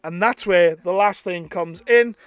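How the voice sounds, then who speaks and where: An English man with a fairly high voice for a man, talking casually and eagerly about toys. His tone is chatty and bursts with excitement, and the recording is dry and close. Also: measured pace, clean tone, no echo, lo-fi sound. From England. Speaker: toy reviewer. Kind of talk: casual unboxing chat.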